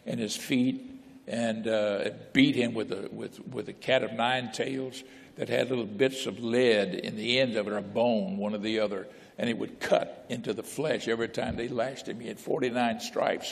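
A man's voice: on the low side, fairly even intonation, moderate pace, creaky. A man, a bishop, preaching a sermon in a folksy way, repeating phrases and asking the congregation questions. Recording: long church reverb.

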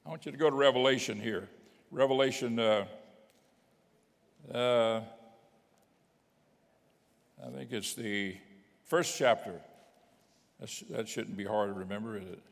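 A man's voice: medium pitch, measured pace, gravelly, long pauses. A man preaching a sermon as a bishop, speaking conversationally, reading scripture aloud and chuckling now and then. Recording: long hall reverb.

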